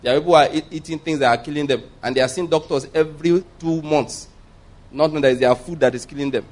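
A man preaching a sermon, emphatic and repetitive, often pausing to ask the audience rhetorical questions. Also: fairly high pitch, darkish tone.

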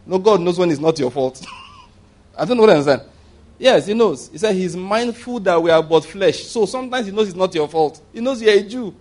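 A man preaching a sermon, animated and humorous, often restarting sentences and acting out the voices he quotes. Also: high voice, a little fast, pauses often.

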